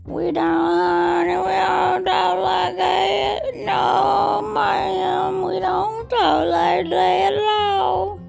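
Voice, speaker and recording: A woman voicing a fretful old country wife who shouts shrilly, close to tears. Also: little pitch movement, drawn-out words, creaky, few pauses, music in the background, full character voice. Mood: wailing. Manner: shrill, wailing and near tears.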